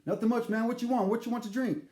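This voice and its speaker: A man's voice: extremely high pitch, fairly even intonation, fast, dark tone, echoey room, voice pushed up. A man voicing a laid-back, easygoing male bartender on a ship, who drawls and keeps repeating his catchphrases.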